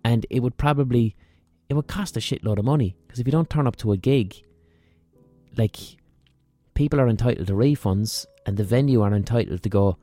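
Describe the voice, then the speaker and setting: A man's voice: mid-range voice, fairly quick, dry recording, soft background music. Sweary Irish man ranting a comic story. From Ireland. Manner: sweary, ranting, animated asides. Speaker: comedian and podcast host. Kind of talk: profane comic storytelling monologue.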